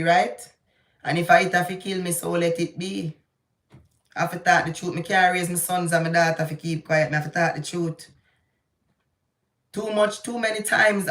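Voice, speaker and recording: Fiery Jamaican woman ranting in an echoey room. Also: fairly low pitch. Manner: animated, ranting, shifting into patois. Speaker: vlogger. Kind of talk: live political commentary.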